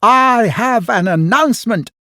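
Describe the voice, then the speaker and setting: A man voicing a naughty, mischievous little girl in a storybook, loud and taunting in a high voice. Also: lively intonation, a little slow, dry recording, studio quality, exaggerated voice.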